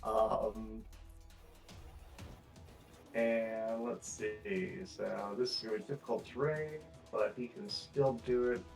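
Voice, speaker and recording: A man's voice: on the low side, steady tone, takes it slowly, gravelly, long pauses, darkish tone. A man narrating as game master of a tabletop game, describing scenes and chuckling as he goes. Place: home streaming setup. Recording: roomy distant mic with faint music.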